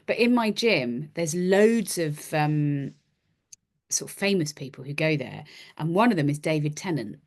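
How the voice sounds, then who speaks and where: A woman's voice: sits low, animated, a little slow. Self-deprecating woman telling celebrity anecdotes. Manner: self-deprecating storyteller, acts out her own lines. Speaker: podcast guest, actor and musician. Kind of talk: casual anecdotal chat.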